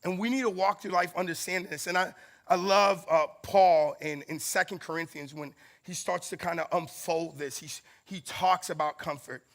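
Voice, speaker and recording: A high-pitched man tells a funny story from the pulpit, acting out the voices of the people in it. His voice is bright and forceful with a gravelly edge. He laughs often as he talks. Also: steady tone, normal speed. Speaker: campus ministry speaker. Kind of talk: storytelling sermon.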